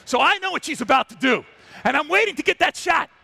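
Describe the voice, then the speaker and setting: A man's voice: very high voice, lively intonation, fast, vocal fry, pushed and bright. A man telling a wildlife story on a trade show stage, exuberant and acting out the animals. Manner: exuberant, breaks into character voices. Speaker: wildlife photographer giving a stage talk.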